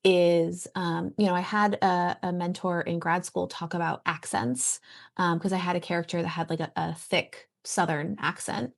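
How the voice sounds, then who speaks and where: A woman who writes and teaches writing, chatting casually on a podcast and pausing often to find her thoughts. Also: on the low side, creaky. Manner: thoughtful, trails off and restarts while thinking.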